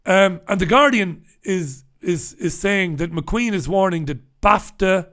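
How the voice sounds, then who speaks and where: A male host runs a humorous live-stream review of the papers. He talks in a casual, wry way and swears freely, with a voice pitched a bit above the usual for a man. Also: measured pace, sharp tone.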